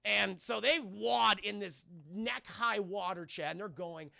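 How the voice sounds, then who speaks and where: Man, high gravelly voice, bright and sharp tone, swears a lot, live-stream film recap, dry close sound. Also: a little slow, dry recording. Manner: excitable, profane, keeps addressing chat.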